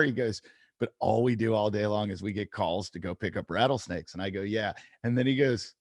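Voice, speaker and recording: Lively low-voiced man telling stories. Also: a little fast, dry recording, clean studio sound. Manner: animated storyteller, acts out quotes. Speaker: podcast co-host. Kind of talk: casual chat.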